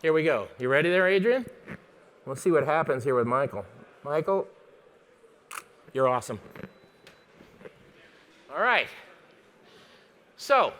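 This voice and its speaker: A man teaching photography lighting on stage, talking fast and joking as he quizzes a live audience. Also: on the high side, very animated, fairly bright tone. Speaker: photography instructor. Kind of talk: live workshop demonstration.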